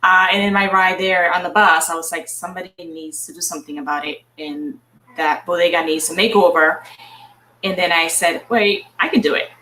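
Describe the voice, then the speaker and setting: A woman's voice: on the low side, fairly quick, sharp tone, roomy sound, recorded from a distance, a little hiss or hum, rough recording. A woman in her forties from Boston, a film producer chatting casually as a guest and laughing often. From Boston, Massachusetts. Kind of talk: casual interview chat.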